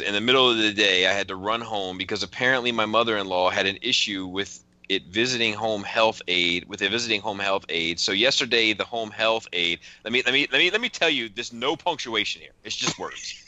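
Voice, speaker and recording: A man's voice: low-pitched, sharp tone, no echo. A man hosting a casual podcast chat, telling a long story and reading out text messages with frequent laughs. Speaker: podcast host.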